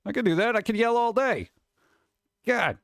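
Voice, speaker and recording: Man, high voice, dry close sound, chatty rambling streamer talk. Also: lively intonation, normal speed, creaky, no echo. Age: adult. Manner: chatty, rambling, reads and answers chat. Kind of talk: casual live-stream chat.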